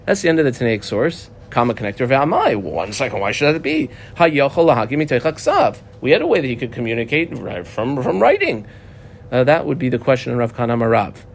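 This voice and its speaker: A man's voice: mid-range voice, very animated, quick pace, vocal fry, slight background noise. A man teaching a Talmud lesson, reading the text aloud, then translating and explaining it step by step, with frequent "uh"s.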